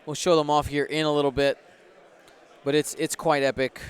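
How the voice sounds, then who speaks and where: A man's voice: fairly high pitch, level tone, moderate pace, clean tone. Upbeat man hosting a live stream. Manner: upbeat, chatty, hypes the chat. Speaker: stream host and commentator. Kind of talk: livestream commentary and giveaways.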